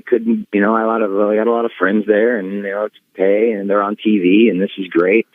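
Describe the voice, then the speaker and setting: A man being interviewed as a guest, telling a story in a lively, casual way and slipping into others' voices. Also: on the low side, normal speed. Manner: animated storyteller who acts out voices. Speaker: guest wrestler. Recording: dull dry studio sound.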